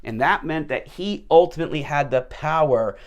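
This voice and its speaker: Guy teaching leadership stuff with stories, kinda high voice, animated, repeats himself a lot. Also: moderate pace. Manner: animated, repeats words as he rephrases. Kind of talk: explanatory storytelling talk.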